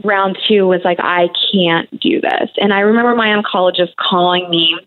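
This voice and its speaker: A woman's voice: lowish voice, steady tone, normal speed. A woman in her thirties, a guest on a talk show, speaking candidly in a conversational way with many fillers. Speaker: guest sharing her cancer story. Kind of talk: emotional interview conversation. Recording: tinny phone-like radio audio.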